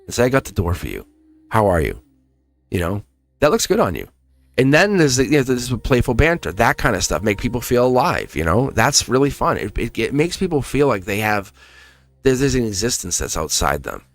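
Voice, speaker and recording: A man giving a casual, animated live tarot reading to a viewer, chatty and encouraging, with the odd swear word. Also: mid-range voice, a little fast. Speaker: tarot reader.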